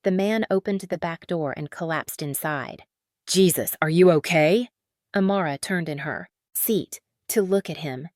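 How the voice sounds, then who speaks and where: Low-voiced woman narrating a story. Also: moderate pace, few pauses, no room sound, studio quality.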